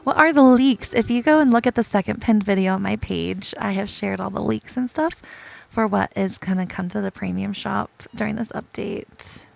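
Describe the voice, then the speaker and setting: Excitable, gravelly-voiced woman streamer. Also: mid-range voice, normal speed. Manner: excitable and self-declared dramatic, gushing and groaning. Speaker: game streamer. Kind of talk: casual gameplay chat to viewers.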